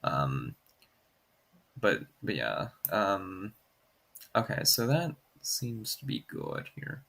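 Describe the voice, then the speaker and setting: A man streams in a casual, rambling way, leaning on fillers and reading out comments as he goes. His voice swings widely in pitch and has a gravelly fry. The tone is bright with a husky grain. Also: huge pitch swings, extremely slow. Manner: rambling, heavy on "like" fillers, reads chat aloud. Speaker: streamer graphing in Desmos. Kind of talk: casual livestream chat.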